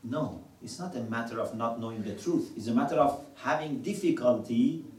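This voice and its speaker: A man's voice: medium pitch, moderate pace, darkish tone, echoey room, recorded from a distance, rough recording. A man teaching a religious class, quoting scripture in Arabic and asking his students questions. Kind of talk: classroom lecture.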